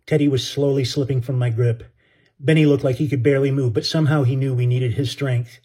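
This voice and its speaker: A man's voice: mid-range voice, fairly even intonation, a little fast, mellow, slightly rough. A man narrating an audiobook story in an earnest, dramatic way.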